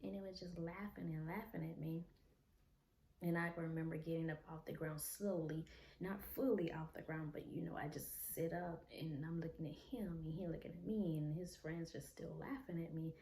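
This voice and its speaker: Soft, low-voiced woman telling her story. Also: steady tone, vocal fry, slight background noise. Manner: soft-spoken, unhurried, candid. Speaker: vlogger. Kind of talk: personal storytelling. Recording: echoey room, faint ambience.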